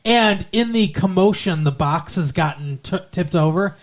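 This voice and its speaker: A man with a slightly raised pitch, chatting casually as a podcast co-host. He rambles through his recap and loosely peppers it with swearing and filler words. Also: lively intonation, normal speed. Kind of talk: casual chat recapping a TV episode.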